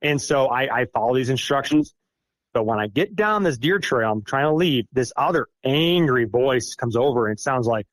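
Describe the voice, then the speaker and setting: A man's voice: mid-range voice, animated, normal speed, no room sound. A middle-aged man from Iowa, a podcast guest telling a personal story casually, rambling and self-deprecating with many fillers. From Iowa, United States. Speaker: guest recounting an encounter.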